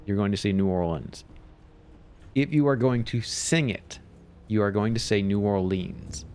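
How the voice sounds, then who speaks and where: A man's voice: on the low side, measured pace, darkish tone, clear, resonant tone. A man chatting casually while streaming a game, rambling along and chuckling often. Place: home.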